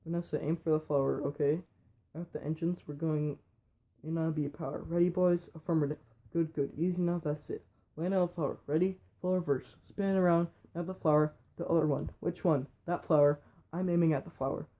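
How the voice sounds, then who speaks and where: A man reading a whole film script aloud in a quick, flat way with slips. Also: a little high, narrow, tinny audio. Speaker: reader.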